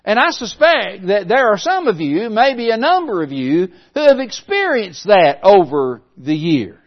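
High-voiced male preacher, dull lo-fi sound. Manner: earnest and measured, with occasional restarts. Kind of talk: sermon with scripture reading. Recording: dull lo-fi recording.

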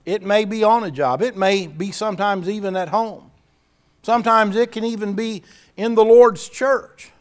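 A man's voice: high voice, normal speed, clear, resonant tone. A man preaching a sermon, earnest and repeating key phrases for emphasis.

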